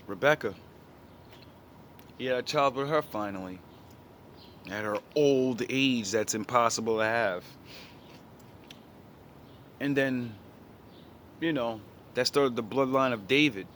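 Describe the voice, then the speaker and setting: A man's voice: mid-range voice, fairly bright tone, slight background noise. Profane, slangy man telling a story. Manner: blunt and profane, with loose slang. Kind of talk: casual storytelling monologue.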